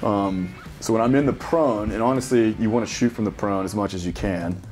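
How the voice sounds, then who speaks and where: A man's voice: on the low side, a little fast, a little mellow, faint music behind. A man in his thirties, a military veteran, telling loose, profanity-heavy stories in casual reaction chat. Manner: profane, swears constantly, loose storytelling. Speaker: special operations veteran reacting to a game.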